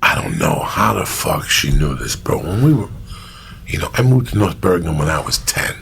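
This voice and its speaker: Man in his fifties, from Cuba, deep voice, gravelly fry, profane, animated, mimics people. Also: moderate pace. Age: 50s. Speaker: podcast host. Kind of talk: casual storytelling chat.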